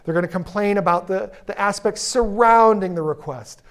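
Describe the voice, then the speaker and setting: A man delivers a keynote speech on a conference stage, his voice sitting noticeably high for a man. He is energetic and playful, teasing the audience and pulling them into call-and-response. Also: moderate pace. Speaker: keynote speaker.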